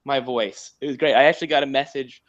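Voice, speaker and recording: A man's voice: mid-range voice, fairly even intonation, quick pace. Joking guy on a muffled line. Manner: joking, self-deprecating, rambling. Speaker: podcast guest, sportswriter. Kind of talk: casual chat.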